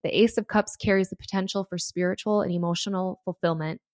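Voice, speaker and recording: Chatty excitable woman podcast host. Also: medium pitch, quick pace, no room sound, studio quality. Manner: excitable, chatty, reads tarot passages aloud. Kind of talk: casual solo podcast talk.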